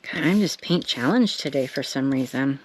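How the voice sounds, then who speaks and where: This middle-aged craft vlogger has a bass voice and speaks in an animated way at normal speed. She chats and talks to herself as she makes art, joking at her own expense, over a little hiss or hum.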